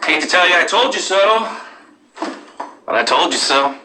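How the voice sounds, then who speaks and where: A man's voice: high-pitched, expressive, moderate pace, background noise. An actor playing a strict father who scolds and dismisses his son. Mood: smug. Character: stern strict divorced father.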